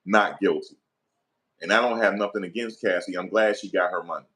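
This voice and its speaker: A man's voice: low-pitched, brisk, a bit bright. A middle-aged man, giving heated opinion commentary in an emphatic, profane, repetitive rant.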